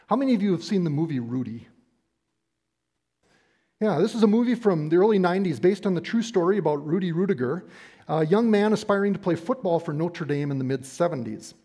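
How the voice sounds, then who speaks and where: Middle-aged male preacher, mellow tone, deliberate and emphatic sermon delivery. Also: sits high, animated, husky. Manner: emphatic, deliberate, slows down on key phrases.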